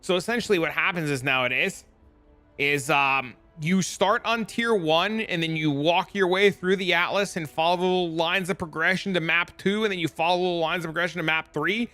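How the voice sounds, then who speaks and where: A man's voice: high voice, normal speed, sharp tone, faint music behind. A young man streaming a game, explaining it in a rambling, joking, profane way. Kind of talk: casual livestream chat.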